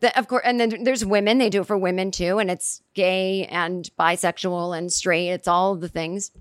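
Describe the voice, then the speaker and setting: A woman's voice: on the low side, fairly even intonation, moderate pace, no echo, clean studio sound. A woman telling a casual comic story, rambling and chatty, acting out quoted reactions as she goes.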